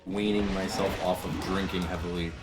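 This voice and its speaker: A man's voice: low voice, level tone, normal speed. A man chatting candidly on a live stream, rambling and leaning on lots of fillers. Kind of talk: casual live-stream chat. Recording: roomy echo, faint game music. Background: faint game music.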